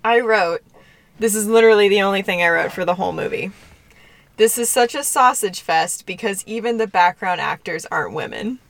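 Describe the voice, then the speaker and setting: A woman co-hosting a podcast with a voice of middling pitch. She teases the others and spins comic what-if stories in casual chat. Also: a little fast. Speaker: podcast co-host.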